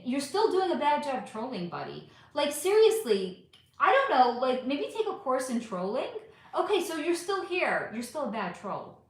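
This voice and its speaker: Animated woman in an echoey room. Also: on the high side. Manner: animated, blunt, sarcastic with commenters. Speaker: livestream host reading chat. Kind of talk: casual livestream chat. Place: home room. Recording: roomy echo.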